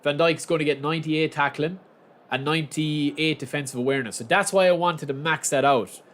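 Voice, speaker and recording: A young man casually commentating his own football game on a live stream, chatting with viewers and bursting into shouts at big moments. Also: on the high side, a little fast.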